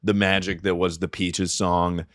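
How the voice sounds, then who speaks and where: A man's voice: deep voice, a little slow, dry recording, clean studio sound. Profane, ranting podcast guy. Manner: profane, animated ranting with mocking put-on voices. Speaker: podcast co-host. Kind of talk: casual comedy podcast chat.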